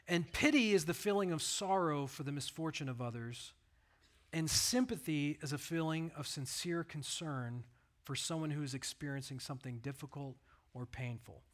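Man, pastor, sermon, earnest storytelling, a bit high-pitched, middle-aged. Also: normal speed.

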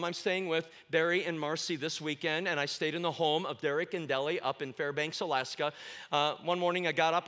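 A man preaching a sermon in a church, with a high, bright voice. He tells animated stories, bursts into loud exclamations and quizzes the congregation with questions. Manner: asks the congregation questions and pauses for answers. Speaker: guest preacher. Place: church sanctuary.

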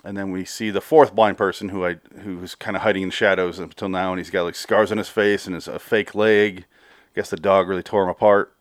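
A man's voice: low-pitched, fairly even intonation, no echo, studio quality. A man casually recapping a TV episode, rambling, swearing freely and laughing as he goes. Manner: rambling, swears freely, laughs, quotes characters in quick bursts. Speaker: podcast host recapping a TV episode.

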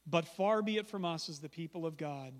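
A man's voice: fairly high pitch, fairly quick. A male pastor preaching a sermon in a church, conversational and emphatic with humorous asides. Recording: long church hall reverb.

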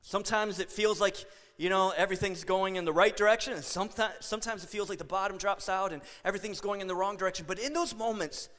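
A man's voice: high voice, fast talker, a bit bright. A man preaching a sermon as pastor, telling stories in a conversational way with asides and self-corrections. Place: church sanctuary. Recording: long hall reverb.

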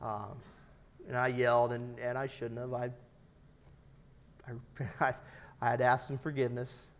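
A man in his thirties preaching an earnest, personal sermon, his loudness rising and falling for emphasis. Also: medium pitch, flat delivery, a little slow. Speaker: pastor.

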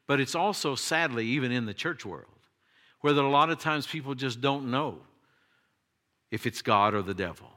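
A man preaching a sermon, emphatic, his voice jumping high when he quotes cries and pleas. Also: animated, normal speed, bright, forceful tone. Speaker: pastor.

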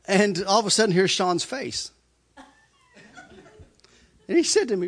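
A man's voice: high voice, lively intonation, a little slow, long pauses. A middle-aged man telling his testimony in a loose, rambling story. He laughs often and stumbles over repeated words. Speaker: speaker giving a testimony.

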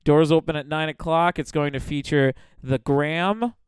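A man chatting casually on a comedy podcast, excitable and profane, laughing as he retells sketches. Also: on the high side, normal speed, clear, resonant tone, no echo, clean studio sound. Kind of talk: casual chat.

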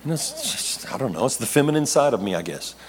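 A middle-aged male pastor tells his testimony from the pulpit at an ordinary pitch. He rambles, backtracks and laughs at himself as he goes. His voice rings through a long, echoing hall. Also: wildly swooping pitch, fast talker. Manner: rambling storyteller, self-correcting, laughing asides. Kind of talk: testimony sermon.

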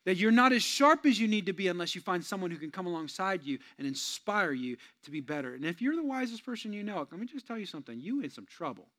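A male pastor preaching in a high, lively voice. He pushes hard on his main points, then drops to quiet, joking asides to the congregation. His delivery is animated and conversational. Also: fast talker, few pauses. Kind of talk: sermon.

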